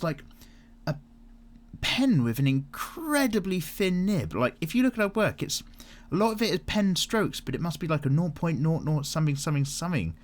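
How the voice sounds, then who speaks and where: A man hosting a casual art vlog, chatting and answering viewer comments in an animated way, swearing freely as he goes. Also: fairly high pitch. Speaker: art channel host.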